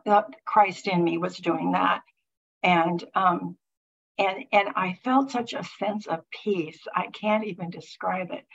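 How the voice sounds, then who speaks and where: A middle-aged woman sharing a personal faith testimony with a group, talking haltingly with many restarts and fillers. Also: on the low side, fairly even intonation, vocal fry, slightly rough. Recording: muffled lo-fi recording.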